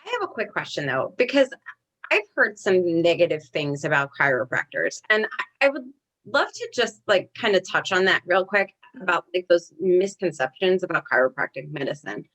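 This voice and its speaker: A woman's voice: on the low side, very animated, brisk, fairly bright tone. A woman co-hosting a casual podcast who asks her questions in a chatty, informal way.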